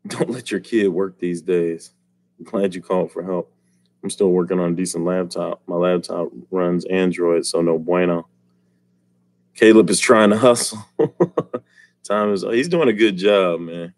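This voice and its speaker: A man's voice: deep voice, fairly even intonation, a little slow, dry recording. A man hosting a casual live stream, joking and teasing the chat and laughing often. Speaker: livestream host.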